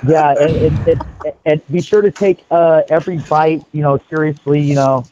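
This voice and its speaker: A man with a slightly high voice rambles excitedly, full of fillers and restarts. His mic sounds dull and lo-fi. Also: normal speed, a little hiss or hum. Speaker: co-host. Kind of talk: casual online hangout chat.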